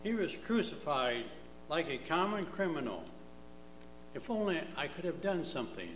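A man's voice: fairly high pitch, sing-song, normal speed, fairly bright tone, slight background noise. A man playing a humble, regretful male disciple in a church drama, speaking earnestly in an echoey hall. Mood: sorrowful.

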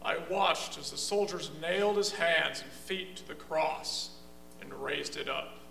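A man's voice: on the high side, a little slow, vocal fry, sharp tone, slight background noise, heavily acted. A man playing a bitter, disillusioned male disciple in a church drama, in an echoey hall.

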